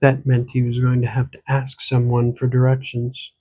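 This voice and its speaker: A man, the author, reading his own gothic horror novel aloud in steady, measured storytelling. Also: mid-range voice, slightly rough. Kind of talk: audiobook narration.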